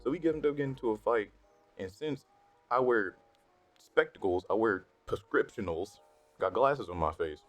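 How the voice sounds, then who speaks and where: A young man telling a story from his school days in a casual, slangy and profane way that turns animated when he gets worked up. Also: lowish voice, normal speed. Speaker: storytime vlogger. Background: faint background music.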